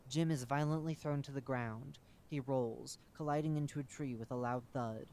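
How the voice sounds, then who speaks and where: Measured male narrator reading a report. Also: medium pitch, fairly even intonation, a little mellow. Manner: measured, matter-of-fact reading. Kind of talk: scripted narration of a horror wiki entry.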